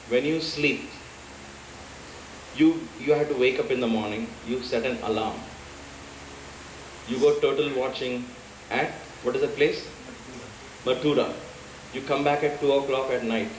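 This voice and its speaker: A man giving a conversational spiritual talk at a satsang, telling stories and acting out quotes. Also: mid-range voice. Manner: storytelling, conversational, acts out quotes. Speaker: satsang speaker. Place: devotional center hall. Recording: echoey hall with faint hiss.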